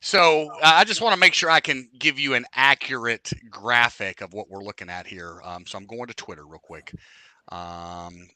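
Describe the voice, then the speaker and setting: A man appearing as a podcast guest, chatting casually as an animated storyteller who swings between loud and quiet. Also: mid-range voice, a little fast, few pauses, no echo. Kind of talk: casual chat.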